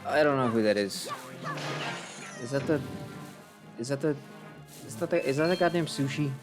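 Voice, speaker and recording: A man streaming a game live, commenting excitedly and in mock outrage as he talks to his chat. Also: medium pitch, normal speed. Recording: game music behind voice. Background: game music.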